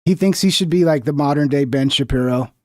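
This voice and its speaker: High male voice, combative and mocking commentary, dry and close. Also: a little fast, darkish tone, dry recording. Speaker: commentary streamer. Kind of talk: reacting to clips, casual commentary.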